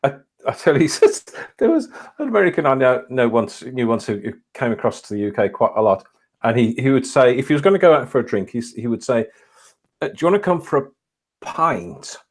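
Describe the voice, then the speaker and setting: Tired, husky-voiced British man. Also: medium pitch, animated, fast talker. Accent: British English. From Britain. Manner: rambling, self-interrupting, laughs often. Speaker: podcast co-host. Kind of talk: casual chat.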